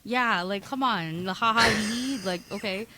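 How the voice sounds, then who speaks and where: A woman's voice: medium pitch, moderate pace, sharp tone, slight background noise, rough recording. A young woman with a Toronto accent, a guest on a casual podcast chat, blunt and rambling. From Toronto, Canada. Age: young adult.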